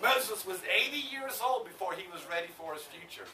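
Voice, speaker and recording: Man, preacher, animated sermon, shouting, echoey, distant from mic. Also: sits high, moderate pace, slight background noise. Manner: animated, shouting, acts out voices. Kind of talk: street sermon.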